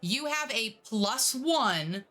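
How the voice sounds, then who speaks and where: Woman, game master, tabletop narration, bright tone, chatty. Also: fairly high pitch, expressive, takes it slowly. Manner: chatty, many fillers.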